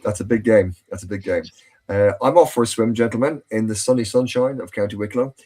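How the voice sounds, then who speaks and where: A man's voice: lowish voice, brisk, darkish tone. A man hosting a casual podcast chat, telling anecdotes in a chatty way with many restarts. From Ireland. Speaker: host.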